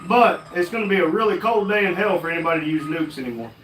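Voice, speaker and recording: A man chimes in on a casual livestream with offhand jokes and comments. His voice is high and swings lively up and down. The room around him is echoey, with faint noise behind. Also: very fast, recorded from a distance. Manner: joking, offhand remarks. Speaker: co-host on livestream.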